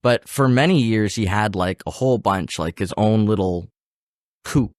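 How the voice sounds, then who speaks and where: A man with an Ottawa Valley country twang hosting a podcast, a chatty storyteller who talks to his listeners in a casual, animated way. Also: fairly low pitch, normal speed, no room sound, studio quality. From Ottawa Valley region, Canada. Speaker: podcast host. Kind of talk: casual interview chat.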